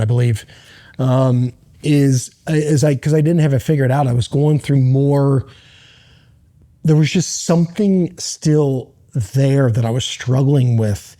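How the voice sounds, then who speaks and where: A middle-aged man telling a personal story as a podcast guest, earnest and halting, with many restarts. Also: mid-range voice, mellow. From United States.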